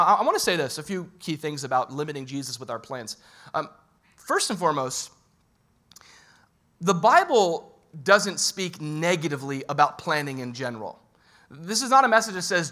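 A young man preaching a sermon as a pastor, lively and joking, talking straight to the congregation. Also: fairly high pitch, a little fast.

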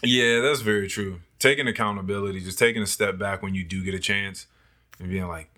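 A man chatting casually on a podcast, lively and self-mocking, often acting out his own past thoughts. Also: fairly low pitch, brisk. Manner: animated, acts out his own past thoughts in quoted voices, laughs often. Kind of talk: casual chat.

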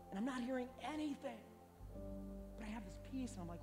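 A man preaching a sermon as pastor, telling a story with passion, repeating phrases and building to shouts. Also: very high voice, expressive, fast, long pauses. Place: church sanctuary. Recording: long hall reverb, faint music.

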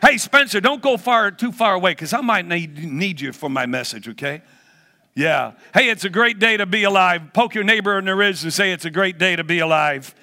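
A man's voice: high-pitched, animated, moderate pace, pushed and bright. A man in his sixties, a guest preacher leading a playful children's talk in a church, teasing the audience like a game-show host. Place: church hall.

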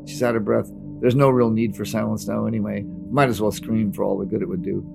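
A man narrates a novel in a steady, dramatic audiobook reading. His voice is low and strongly gravelly, with clear music playing beneath. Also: brisk.

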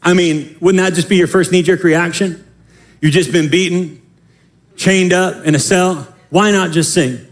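A male pastor preaching a sermon in an animated, emphatic way, often repeating phrases. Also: high-pitched, a little slow.

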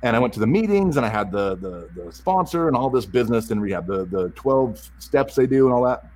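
A man candidly telling a personal story, halting and repeating words as he restarts his sentences. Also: medium pitch, expressive, darkish tone, rough recording.

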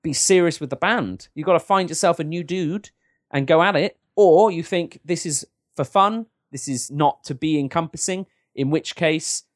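A man's voice: fairly high pitch, moderate pace, dry recording, clean studio sound. A man co-hosting a podcast, rambling and joking with lots of restarts. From England. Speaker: podcast co-host. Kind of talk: casual advice-show chat.

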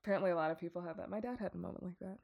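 A woman's voice: fairly low pitch, rapid-fire, gravelly, a little mellow, no echo, clean studio sound. A young woman co-hosting a podcast in casual chat, supportive, with many short affirmations. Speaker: podcast co-host.

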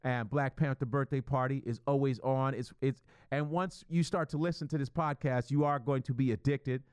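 A middle-aged man hosting a solo podcast, rambling profanely in an animated, stream-of-consciousness monologue. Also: medium pitch, moderate pace, clean tone, no room sound. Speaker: podcast host.

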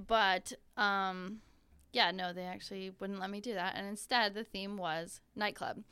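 Smooth-voiced woman podcast host from Wisconsin. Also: mid-range voice, steady tone, unhurried, pushed and bright. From Northern Wisconsin. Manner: rambling, filler-heavy, wry. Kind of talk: casual podcast chat.

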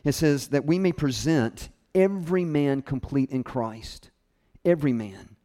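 A mid-range voice at a measured pace tells a personal story during a sermon, bringing the quoted people to life with spirited voices. The audio has a long hall reverb.

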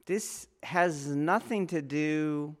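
A man's voice: a little high, very slow. Earnest man giving a spoken lesson. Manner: earnest, repeats key phrases for emphasis; asks the listener rhetorical questions. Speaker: martial arts teacher. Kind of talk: spoken teaching talk.

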